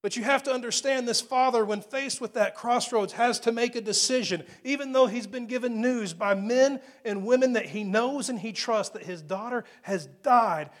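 A man preaching a sermon, retelling a scripture story with emphatic repetition and dropping to a hushed near-whisper for quoted lines. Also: high-pitched.

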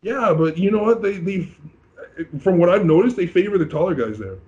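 A bodybuilding competitor from Canada in a casual interview, telling his story with animated acted-out quotes. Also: high voice, fairly quick, lo-fi sound.

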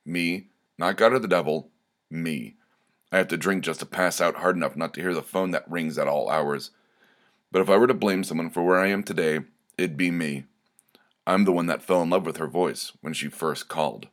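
Man reading dark comic short stories, very deep voice, deadpan, slow and deliberate, scripted narration.

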